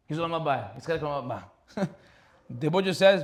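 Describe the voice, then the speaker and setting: A man, a rabbi giving a Torah class, telling a story with lively acted-out dialogue. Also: sits high, normal speed. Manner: animated, acts out dialogue in a story.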